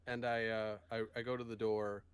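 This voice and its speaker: A man's voice: on the low side, level tone, normal speed, clean tone, natural voice. A man voicing Edward, a cautious, flustered male adventurer who stammers. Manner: stammering, hesitant.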